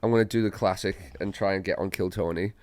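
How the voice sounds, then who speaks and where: A man's voice: low voice, quick pace, a little mellow, no echo. Australian man telling laid-back stories. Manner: laid-back, swearing, storytelling with voiced quotes. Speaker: guest comedian. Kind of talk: casual podcast chat.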